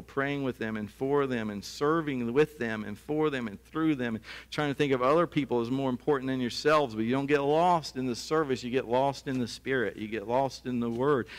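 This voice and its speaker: A man's voice: medium pitch, in a large hall. A man preaching a sermon as pastor, earnest and conversational, now and then breaking into a laugh.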